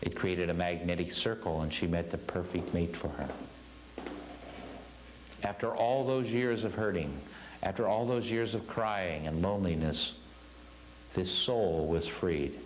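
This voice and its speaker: A man's voice: sits low, unhurried, long pauses, a little hiss or hum, poor audio. A man teaching a spiritual class, telling a story earnestly and stressing his points with repeated phrases.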